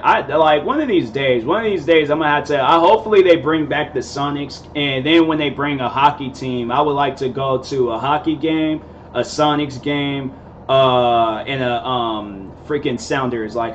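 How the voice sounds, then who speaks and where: A man's voice: mid-range voice, lo-fi sound, slight background noise. A young man in his twenties telling a rambling, casual story, full of fillers and laid-back slang. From Seattle area, USA. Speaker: vlogger host.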